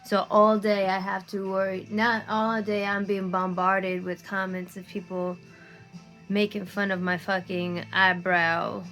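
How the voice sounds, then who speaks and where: A woman's voice: mid-range voice, little pitch movement, measured pace, a bit bright, soft background music. A woman ranting to her phone camera, tired and near tears, frustrated and swearing often. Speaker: content creator. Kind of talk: emotional rant to camera.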